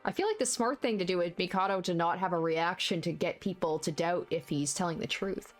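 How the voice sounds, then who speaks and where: A woman streamer giving excited, chatty commentary while playing a story game. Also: lowish voice, a little fast, faint music behind. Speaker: let's-play streamer.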